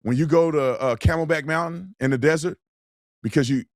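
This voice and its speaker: A man's voice: fairly high pitch, fairly quick, dry recording, studio quality. A man hosting a commentary show, talking bluntly and emphatically in a colloquial way. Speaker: host. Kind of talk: political commentary with ad read.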